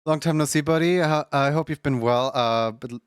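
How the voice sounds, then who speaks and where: A man's voice: a little high, moderate pace, smooth, no room sound, studio quality. A young man streaming at home in casual chat, rambling with lots of filler words and frequent laughs. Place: home room.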